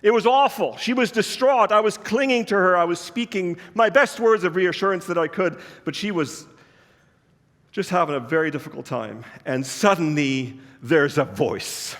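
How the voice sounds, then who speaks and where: A man with a high voice preaches in a church sanctuary, telling a personal story in an easy, earnest way. His voice trails off into a long hall reverb. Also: moderate pace, fairly bright tone. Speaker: pastor. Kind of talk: sermon.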